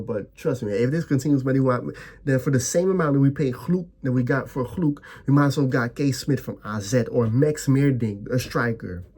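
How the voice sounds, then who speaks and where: Husky-voiced man in a heated football rant. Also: mid-range voice, dark tone. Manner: heated, profane, repetitive ranting with stammered restarts. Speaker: football fan vlogger. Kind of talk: ranting fan reaction.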